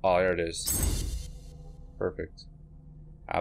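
A man's voice: low-pitched, steady tone, unhurried, pauses often. A young man giving casual let's-play commentary, jittery and swearing, repeating himself as he plays. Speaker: gamer.

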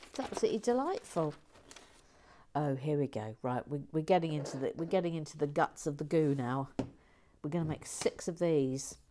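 A woman's voice: low voice, dark tone, a little hiss or hum. A woman hosting a LEGO building livestream, chatting playfully, reading out viewer comments and scatting little nonsense tunes as she builds.

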